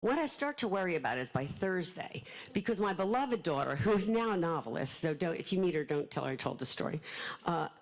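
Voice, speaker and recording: Animated woman telling stories to an audience. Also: lowish voice, brisk, poor audio. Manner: animated, self-deprecating storyteller acting out quotes. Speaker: author speaking at a library event. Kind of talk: storytelling talk to a live audience.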